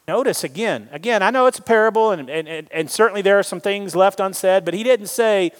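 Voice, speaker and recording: A man preaching a sermon, animated and joking with the congregation. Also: high-pitched, fast talker, few pauses. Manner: animated, jokes with the congregation, acts out quoted voices. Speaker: pastor. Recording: long reverb of a large hall.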